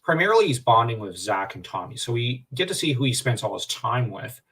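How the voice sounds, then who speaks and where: Male livestream co-host, casual rambling fan talk, mid-pitched voice, sits back from the mic. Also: brisk. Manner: animated, rambling, many fillers and restarts. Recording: distant from the mic.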